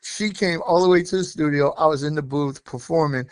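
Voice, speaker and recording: A man guest telling an animated, laughing story in a casual interview. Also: on the high side, a little fast, smooth, no room sound, studio quality. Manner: animated, laughing, full of restarts and quoted voices. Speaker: rapper guest.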